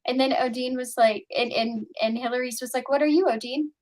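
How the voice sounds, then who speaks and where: Woman, high voice, casual stream panelist, animated storyteller. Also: fairly quick. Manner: animated storytelling, quoting others. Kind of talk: casual chat.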